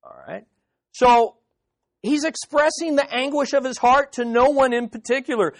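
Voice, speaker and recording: This Bible teacher speaks at a normal speed in a high voice, teaching a live group with emphasis. Listeners are frequently asked questions directly, and repetition of words is used to drive points home.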